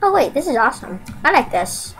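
High, excitable woman gaming commentator. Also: fairly quick, noisy background. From Canada. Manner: excitable, yelps and laughs, dramatic self-mockery. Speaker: gaming channel host.

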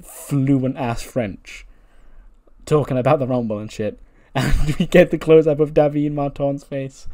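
A man's voice: medium pitch, warm tone. A man casually narrating his wrestling simulation playthrough, chatty, laughing at his own jokes and swearing now and then. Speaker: gaming commentator. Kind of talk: casual play-by-play of a wrestling sim game.

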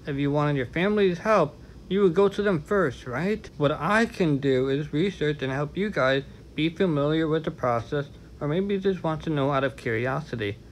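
A man talking casually to camera in a vlog, speaking frankly and openly with little chatty asides. His voice sits a touch high for a man. A faint hiss runs underneath. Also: animated, moderate pace, low-quality recording. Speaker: vlogger.

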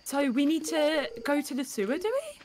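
A woman's voice: sits high, big pitch swings, normal speed, noisy background. A woman playing a co-op game with friends, chatting in an easygoing, laughing, teasing way. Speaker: co-op game partner. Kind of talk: casual co-op gaming chat.

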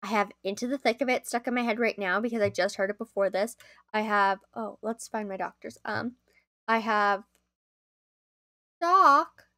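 Bright-voiced chatty woman streaming a game. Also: medium pitch, normal speed. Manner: chatty, easily excited, talks to chat. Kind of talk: casual live-stream commentary.

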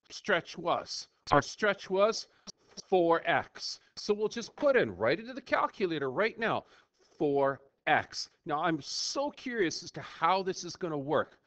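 A man with a high-sitting voice teaches a screen-recorded math lesson, playful and animated, thinking aloud and talking to himself as he works the problem in a chatty way. The recording is dry with no echo, and it sounds dull and lo-fi.

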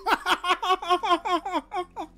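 A young man streaming a game live, chatting with viewers, laughing often and yelling when surprised. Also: extremely high pitch, fairly even intonation, extremely slow. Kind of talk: casual live-stream commentary.

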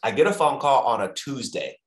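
A man's voice: medium pitch, a little fast, echoey room, rough recording. A man who hosts an entertainment TV show, telling stories in a casual interview and acting out the voices of people he quotes. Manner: animated storyteller who acts out quoted voices. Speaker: TV entertainment host, interview guest.

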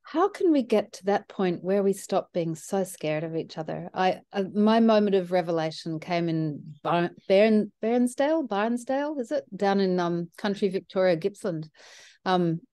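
A woman's voice: mid-range voice, expressive, normal speed, mellow, dry recording. An older woman hosting a casual group conversation, telling reflective stories and laughing often.

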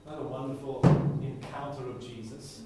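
A man's voice: medium pitch, fairly even intonation, normal speed, over loud music. A man teaching a Bible class in a chatty way, with playful asides and mock voices. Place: chapel classroom. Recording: echoey room from a distant mic.

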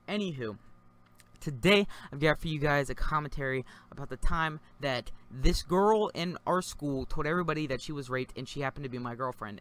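Young male gaming commentator, slightly high pitch, loose rambling storyteller, swears freely, headset mic. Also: fairly bright tone. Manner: loose, rambling, swears casually, many fillers. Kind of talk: casual storytelling commentary over gameplay.

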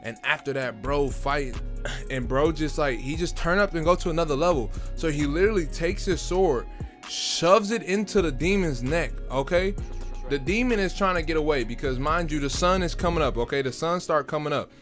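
An excited young man talking through a film recap with lots of street slang. His voice sits fairly high, he trips over his words when he gets worked up, and soft music plays behind him. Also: normal speed. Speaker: video creator reviewing a film.

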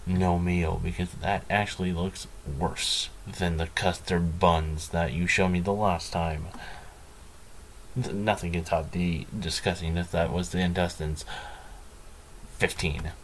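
A man's voice: sits low, fairly even intonation, slow, a little hiss or hum. A man hosting a let's play, commenting in a dry, sarcastic, self-mocking way. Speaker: gaming channel host.

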